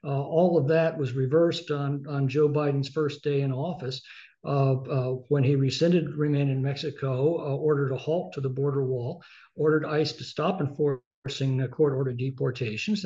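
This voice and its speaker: A congressman answering interview questions in a measured way, with many filler sounds. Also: medium pitch, fairly even intonation, mellow, lo-fi sound.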